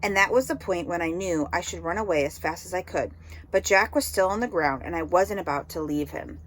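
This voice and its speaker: A woman reading an audiobook novel aloud in steady storytelling narration. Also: on the low side, fairly quick, slight background noise. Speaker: audiobook reader.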